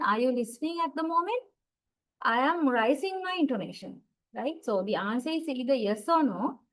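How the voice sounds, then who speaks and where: A woman lecturer giving an online class, explaining slowly with many fillers. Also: high voice, rough recording. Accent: South Asian English.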